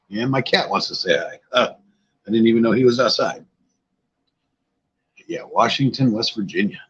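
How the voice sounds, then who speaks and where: A man's voice: medium pitch, moderate pace, pauses often, fairly bright tone, slightly rough, lo-fi sound. An older man hosting a casual livestream, tired and a bit scatterbrained, chatting loosely with viewers. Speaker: livestream host. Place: outdoors-like spot at home.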